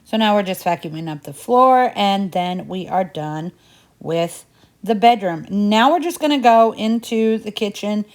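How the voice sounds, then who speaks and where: A woman from Indiana, USA narrates her home cleaning vlog in a mid-range, animated voice at a measured pace. Her Southern US twang slips into a Midwestern accent as she chats casually. She's talkative and folksy, rambling as she goes.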